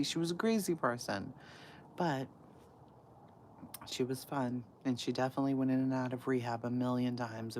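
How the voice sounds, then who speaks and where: Animated, swearing woman telling stories. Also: rumbling low, a little hiss or hum. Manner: animated, profane, laughs often, swings from loud to hushed. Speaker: livestream host. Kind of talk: casual storytelling to a live chat.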